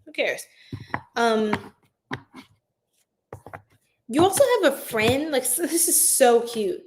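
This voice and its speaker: A woman's voice: a little high, lively intonation, slow, slight background noise, low-quality recording. A woman hosting a casual livestream card reading, chatty and full of fillers, talking to viewers into a phone. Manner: chatty, many fillers, addresses viewers as y'all. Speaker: tarot reader, livestream host.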